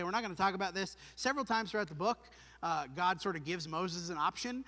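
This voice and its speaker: A man with a high, bright, forceful voice preaches an earnest, emphatic sermon. He asks his listeners pointed questions. His words ring through a church with a long hall reverb. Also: a little fast. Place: church sanctuary.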